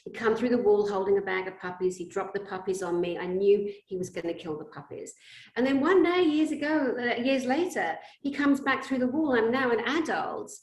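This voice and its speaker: A woman's voice: on the high side, brisk. A woman hosting a spiritual interview, talking animatedly and acting out stories. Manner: animated, acts out scenes in shouted quotes. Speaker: host. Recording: roomy echo.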